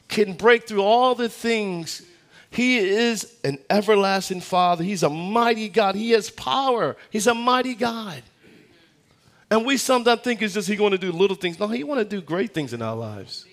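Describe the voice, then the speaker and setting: An American guest pastor with a high voice preaches a sermon full of animated storytelling, acting out the voices in his anecdotes. On key points he slows down dramatically, leaning into weighty phrasing.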